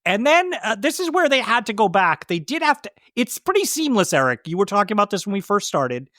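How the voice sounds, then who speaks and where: A man's voice: sits high, very animated, sharp tone, no echo, clean studio sound. A man co-hosting a podcast, giving casual, enthusiastic movie commentary and often restarting his sentences. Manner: enthusiastic, talks in rushed restarts. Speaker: podcast co-host.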